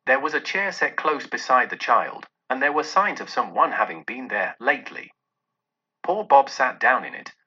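A man narrates an audiobook in a measured, expressive way. His tone is very bright and slightly husky, with lively pitch. The recording sounds dull and muffled.

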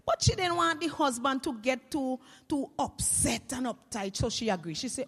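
A Vincentian woman, a teacher, telling comic stories to an audience in a lively, animated way. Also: high-pitched, normal speed, few pauses, slightly rough, big-room sound. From Saint Vincent and the Grenadines. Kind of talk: comic stage storytelling.

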